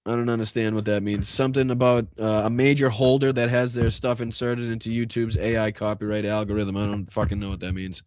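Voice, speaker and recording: A man hosting a live political podcast, ranting angrily and swearing, swinging between loud outbursts and low muttering, with a Boston accent. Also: little pitch movement, fairly quick, hardly any pauses, smooth, no room sound, clean studio sound. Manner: profane, exasperated, swings from shouting to muttering. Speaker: podcast host. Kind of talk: angry livestream rant.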